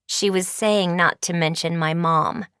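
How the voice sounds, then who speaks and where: A woman reading an audiobook, voicing a gloomy teenage girl who talks in a low, downcast way. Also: fairly even intonation, measured pace, a bit bright, smooth, no room sound, clean studio sound. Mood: glum.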